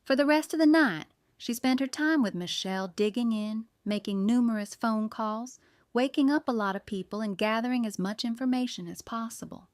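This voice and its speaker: A woman reads a novel aloud in an even, storytelling manner. Her voice is smooth and clear, recorded close and dry with no room sound. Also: on the high side, normal speed, no room sound. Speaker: audiobook narrator. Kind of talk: scripted narration.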